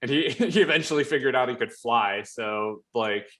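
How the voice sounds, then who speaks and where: A man hosting a casual episode review, talking quickly in a rambling way with lots of fillers and restarts. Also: medium pitch, fairly bright tone. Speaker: show host reviewing a TV episode.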